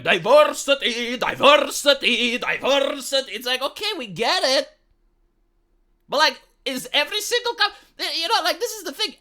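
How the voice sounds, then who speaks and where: A man's voice: very high voice, sharp tone. A man giving heated opinion commentary, emphatic and swearing freely.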